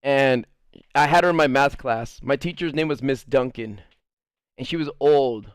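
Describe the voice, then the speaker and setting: A man's voice: medium pitch, normal speed, clean tone, no room sound, studio quality. A man streaming, telling a rambling story to his chat, packed with filler words and casual swearing. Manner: rambling, filler-heavy, crude and profane.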